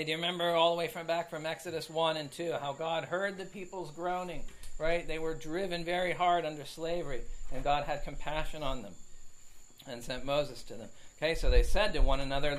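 Man teaching scripture with a higher voice. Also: steady tone, brisk, a bit bright, rough recording. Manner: explains verse by verse, frequent fillers and tag questions. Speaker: Bible teacher. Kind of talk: conversational Bible study teaching.

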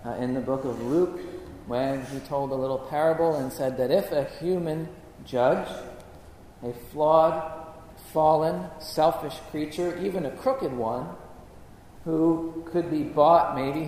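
A man's voice: a little high, a little mellow, slight background noise. A male pastor preaching a sermon, telling the story dramatically and asking rhetorical questions. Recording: echoey hall with long reverb.

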